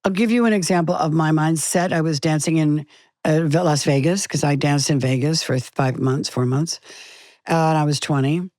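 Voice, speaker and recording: Older woman, lively animated storyteller. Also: low-pitched, normal speed, no room sound, studio quality. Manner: animated storytelling, acts out quotes. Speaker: guest, actress. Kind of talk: conversational interview.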